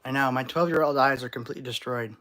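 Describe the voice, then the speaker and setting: A man's voice: medium pitch, quick pace, sharp tone. A man hosting a live stream, reading chat questions aloud with playful, jokey overreactions. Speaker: channel host.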